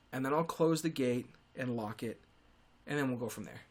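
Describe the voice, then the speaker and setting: A man's voice: mid-range voice, a little fast. A young man hosting a podcast, rambling through a comedic monologue with sarcastic, self-deprecating asides and frequent restarts. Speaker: podcast host.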